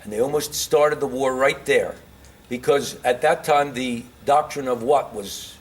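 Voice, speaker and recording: This man talks at an unhurried pace with a medium-pitched voice. He's delivering a casual history lecture before a live crowd, often firing questions at them and getting worked up over his arguments.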